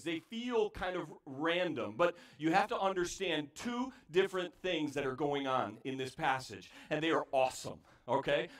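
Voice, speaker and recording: A man preaching with a fairly high voice that swings from near-shouts down to hushed pleading. He sounds set back from the mic, and his voice rings around a roomy, echoey church sanctuary. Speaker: pastor. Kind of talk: sermon. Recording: echoey church room, voice heard from a distance.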